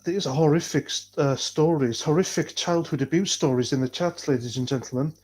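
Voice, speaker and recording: He has a fairly high, a little mellow voice and talks briskly. This man from North Wales, with a North Welsh accent, hosts a livestream and reads chat, chatting casually in a blunt, rambling manner full of swearing.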